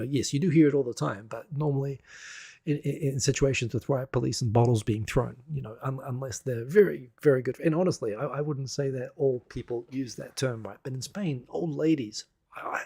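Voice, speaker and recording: A man hosts a casual live stream with a gravelly, slightly husky voice. He rambles and laughs as he talks through stories, and the sound is dry and close with little room behind it. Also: medium pitch, a little fast, dark tone, no room sound. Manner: rambling, chatty, laughs often, many fillers and restarts. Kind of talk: casual news commentary.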